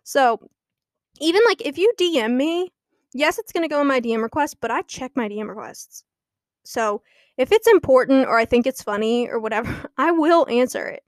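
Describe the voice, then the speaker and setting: With a high, animated voice at a moderate pace, a young woman hosts her podcast in a dry, studio-quality recording. Her talk is casual gossip and chatter, often broken up by laughter.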